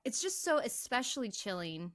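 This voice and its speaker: Bright-voiced young woman recapping a film. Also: on the high side, moderate pace, dry recording. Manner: animated retelling, acts out quoted lines. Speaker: podcast co-host. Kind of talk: casual movie recap.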